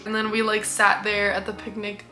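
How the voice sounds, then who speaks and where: A woman's voice: mid-range voice, completely flat delivery, moderate pace, bright, forceful tone. A young woman vlogger telling a story in a casual, chatty way, saying "like" often and acting out her own quotes. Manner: chatty, says "like" a lot, quoting herself.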